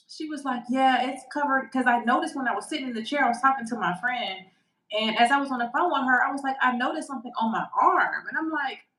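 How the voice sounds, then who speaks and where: A woman co-hosting a podcast over a video call, telling a story in a casual, animated way and acting out the dialogue. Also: on the high side, roomy sound, poor audio. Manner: animated, excitable, acts out quoted dialogue. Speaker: podcast co-host. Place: her home during a storm.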